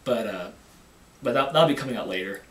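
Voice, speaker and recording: A man casually talking about making his own film, halting and often repeating words as he restarts. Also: mid-range voice, lively intonation, fairly bright tone. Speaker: amateur filmmaker. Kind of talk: casual behind-the-scenes talk. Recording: echoey room, mic at a distance.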